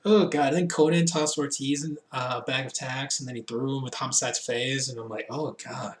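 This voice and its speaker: A man's voice: mid-range voice, fairly even intonation, a little fast. A man casually reviewing a show, rambling with lots of fillers and laughing at his own slips, sounding a bit tipsy. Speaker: wrestling reviewer. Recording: echoey room.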